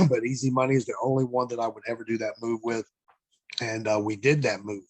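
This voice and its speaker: A middle-aged man spins loose, rambling stories in a casual interview, stopping and restarting often and swearing freely. His voice sits at an ordinary pitch, recorded close and dry with no room sound. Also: fairly even intonation, a little fast, a bit bright, slightly rough, no room sound. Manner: rambling, profane, frequent fillers and restarts. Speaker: guest, former pro wrestler.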